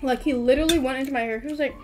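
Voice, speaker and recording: A teenage girl co-hosting a podcast, telling an embarrassing story in animated casual chat, full of "like". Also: high voice, rapid-fire, soft background music. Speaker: podcast co-host.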